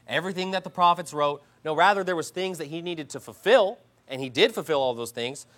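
A man preaching a sermon, combative and mocking, swinging between loud outbursts and low asides. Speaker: pastor.

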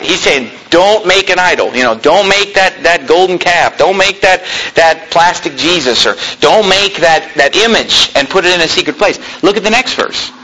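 A male pastor preaching a sermon in a loud, yelling style, in a church room with no sound system. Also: fairly high pitch, slight background noise, poor audio. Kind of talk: fiery sermon.

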